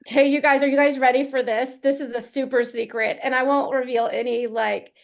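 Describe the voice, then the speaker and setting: A woman performance coach telling a story in a chatty, animated way during a live question-and-answer session. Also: high-pitched, brisk, creaky.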